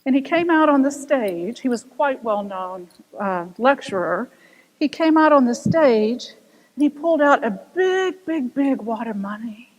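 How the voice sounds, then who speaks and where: An older woman minister giving a sermon, telling stories with animated voices and asking rhetorical questions. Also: high voice, unhurried, lo-fi sound. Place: church sanctuary. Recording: long reverb of a church hall.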